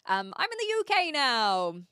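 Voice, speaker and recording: A woman with a New Zealand accent chats on her livestream, her voice bright and clear. The sound is close and dry, with almost no room in it. She explains at length and fills the gaps with ums and little laughs. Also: high-pitched, sing-song, measured pace, no echo. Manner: chatty, explanatory, with frequent fillers and laughs. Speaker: livestream host. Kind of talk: casual chat reading out viewer comments.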